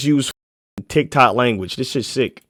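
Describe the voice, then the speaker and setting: A young man streaming a casual reaction video, profane and mocking, swinging into shouts. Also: medium pitch, unhurried, no echo, clean studio sound.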